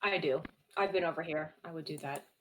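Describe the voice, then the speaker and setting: A woman playing a tabletop game, talking in an eager, animated way. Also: sits low, a little fast, a little hiss or hum, low-quality recording. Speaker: player. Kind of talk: casual tabletop play.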